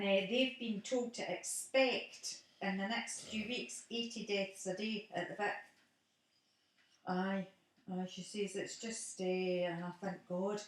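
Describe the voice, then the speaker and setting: A woman's voice: medium pitch, very echoey, distant mic. A middle-aged woman with a Scottish accent, chatting casually on the phone at home and laughing often.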